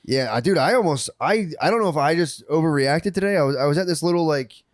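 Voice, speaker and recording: A man's voice: on the high side, expressive, fast, dry recording, studio quality. A man co-hosting a podcast, telling crude stories in casual chat and mocking people in put-on voices. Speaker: podcast co-host.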